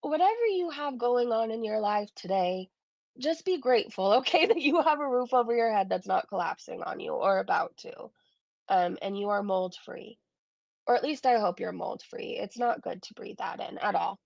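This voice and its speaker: Sarcastic woman with a gravelly voice. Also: mid-range voice, lively intonation, moderate pace, darkish tone, dry recording, muffled recording. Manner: sarcastic and blunt, swears freely; laughs through her remarks. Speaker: reaction channel host. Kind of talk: casual reaction commentary.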